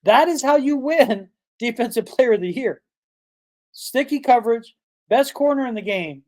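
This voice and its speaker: A man's voice: very high voice, animated, moderate pace, a little mellow. A man hosting a sports podcast, talking in a casual, emphatic way and firing off rhetorical questions. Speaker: podcast host.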